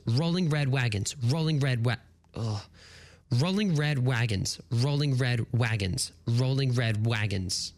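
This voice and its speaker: A morning radio host doing playful solo banter on a close studio mic, laughing at their own slip-ups while stumbling through tongue twisters. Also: medium pitch. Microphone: studio broadcast mic, close.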